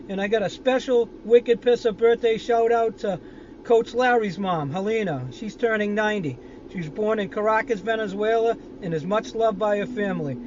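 Boston man, 50s, upbeat caller, high voice, dull outdoor phone-style recording. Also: fairly even intonation, moderate pace, darkish tone, slight background noise. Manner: folksy, upbeat well-wishing. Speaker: caller giving birthday shout-outs. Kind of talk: casual recorded shout-out.

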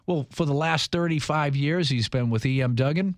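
A man's voice: on the high side, brisk, few pauses, dry recording, clean studio sound. A man in his fifties hosting a talk show, rambling and earnest with many restarts. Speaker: radio show host.

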